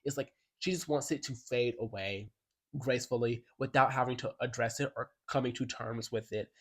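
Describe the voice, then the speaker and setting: A YouTuber reviews an album in a mid-range, slightly rough voice at a moderate pace. He's casual, chatty and enthusiastic, using "like" over and over.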